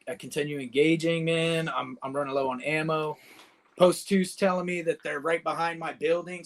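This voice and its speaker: A man's voice: on the high side, fairly bright tone. A man and combat veteran, a podcast guest casually telling a war story in vivid, profane detail, full of "dude" and "man".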